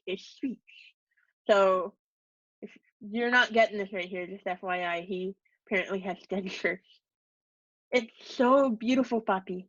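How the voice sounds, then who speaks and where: A woman's voice: medium pitch, fairly bright tone, dry recording. Woman reading a story in a dull recording. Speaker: teacher reading to students.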